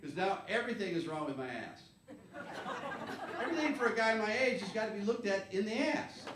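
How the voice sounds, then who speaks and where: A man in his fifties from the United States doing a stand-up comedy set, telling rambling, wry stories and shouting his punchlines. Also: high-pitched, expressive, a little fast, crowd noise. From USA. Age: 50s. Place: comedy club stage. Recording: echoey live club, clear background noise.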